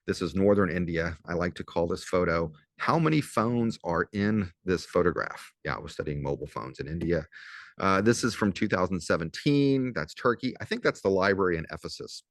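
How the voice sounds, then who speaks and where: A man in his fifties from southern Louisiana, a professor with a low voice and a slight Southern US accent, gives his students a casual recorded lecture. He's chatty and wry, slowing way down whenever he spells a word out. The recording is dry and close.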